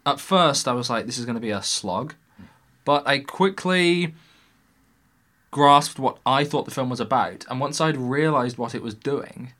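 A man's voice: mid-range voice, unhurried, a bit bright. A young man co-hosting a casual film discussion, earnest and enthusiastic as he explains what he enjoyed. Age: young adult. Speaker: podcast co-host.

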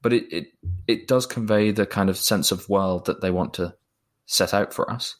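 A man's voice: low-pitched, moderate pace. A man discussing a film in a thoughtful, hesitant way, often repeating words as he talks.

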